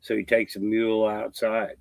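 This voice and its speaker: A man's voice: fairly low pitch, completely flat delivery, moderate pace, creaky, no echo, rough recording. A man telling a long joke in casual chat on a video call, rambling, with many fillers and restarts.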